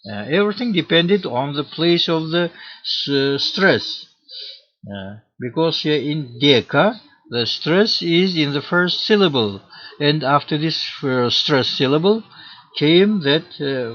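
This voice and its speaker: A man lectures at a slow, deliberate pace, pausing often to search for words. His voice sits at a middle pitch. The recording is dull and lo-fi. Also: expressive, fairly bright tone. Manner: slow and halting, many uh fillers. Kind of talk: academic lecture.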